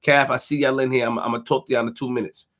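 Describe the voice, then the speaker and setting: A man's voice: medium pitch, little pitch movement, racing, a bit bright. A young man hosting a live stream, ranting boastfully and emphatically, repeating his phrases and tripping over words. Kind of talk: fired-up live-stream rant.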